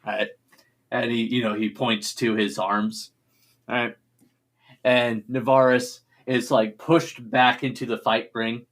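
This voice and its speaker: A man narrating a tabletop game as game master in a playful, animated storytelling manner. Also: medium pitch, measured pace.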